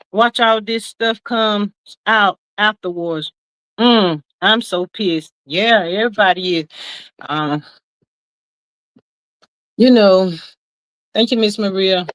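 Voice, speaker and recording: A woman hosting a casual livestream, reading viewer comments aloud and answering them in a folksy, animated way. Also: medium pitch, clean tone, low-quality recording. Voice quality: folksy and animated, talks straight to the chat. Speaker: livestream host reading chat. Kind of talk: casual live chat commentary.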